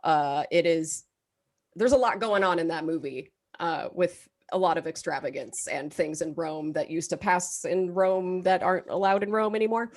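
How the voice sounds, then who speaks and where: A woman's voice: on the low side, normal speed. Laughing woman hosting a quiz show. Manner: laughs often, swears freely. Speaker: game show host. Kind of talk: casual hosting of a live online quiz. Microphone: video call.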